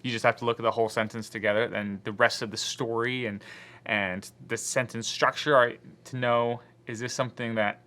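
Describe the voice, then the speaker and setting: A man's voice: medium pitch, fairly even intonation, brisk, sharp tone. A man teaching a Spanish grammar lesson to his class, explaining patiently and voicing the objections students might raise.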